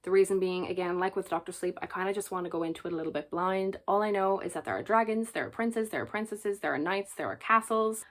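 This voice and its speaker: A woman talking casually to the camera as a book reviewer, chatty, jokey and enthusiastic. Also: medium pitch.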